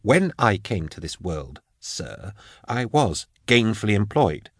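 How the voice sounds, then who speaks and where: A man's voice: lowish voice, big pitch swings, moderate pace, dry recording, studio quality. A man voicing a meek, frightened middle-aged male scholar in an audiobook, with a thin, reedy, nervous voice. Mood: defensive. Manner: nervous, pleading. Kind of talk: audiobook character voice.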